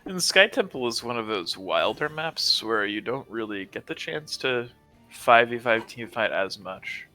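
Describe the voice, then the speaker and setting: A man casting a live video game match, sick and congested, calmly breaking down the picks. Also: medium pitch, unhurried, soft background music. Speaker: esports caster.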